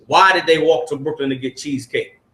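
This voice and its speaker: A man's voice: fairly high pitch, brisk, bright, forceful tone, slight background noise. A man leading a preachy lesson for a group, reading aloud and pressing them with rhetorical questions. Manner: emphatic, fires rhetorical questions at listeners. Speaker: study group teacher. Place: room with a group of listeners. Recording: echoey room.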